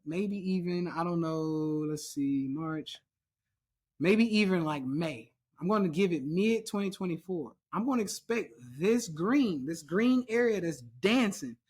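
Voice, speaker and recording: A man's voice: sits high, slightly rough. A man teaching trading in a casual chart walkthrough, emphatic and repetitive, drilling his points home.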